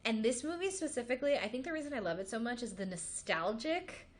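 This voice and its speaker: Animated gushing woman from Los Angeles. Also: fairly high pitch, fast talker. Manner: gushing, animated, swears casually. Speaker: podcast co-host. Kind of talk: casual pop-culture chat.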